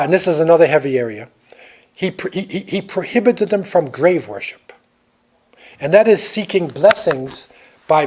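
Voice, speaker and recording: Older guy teaching a class, kinda high voice, keeps saying right? as he tells stories. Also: a little mellow. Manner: storytelling, checks in with "right?". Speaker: lecturer. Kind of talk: classroom lecture.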